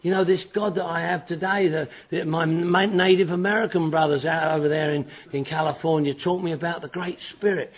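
A middle-aged man giving an animated personal talk at a recovery meeting, acting out his old self in his stories. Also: on the high side, a little fast, hardly any pauses, slightly rough. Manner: animated storytelling, acts out his own past shouting. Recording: dull lo-fi recording.

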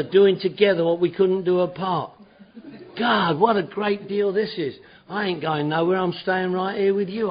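A middle-aged man giving an animated personal talk at a recovery meeting, acting out his old self in his stories. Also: sits high, husky. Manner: animated storytelling, acts out his own past shouting. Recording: dull lo-fi recording.

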